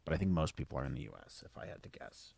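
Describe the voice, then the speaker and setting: A man's voice: extremely low pitch, lively intonation, rapid-fire, vocal fry, a little mellow, breathy edge, no room sound. A man co-hosting a podcast, chatting casually and jokily during a live watch-along. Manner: laid-back, chatty, jokey. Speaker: podcast co-host.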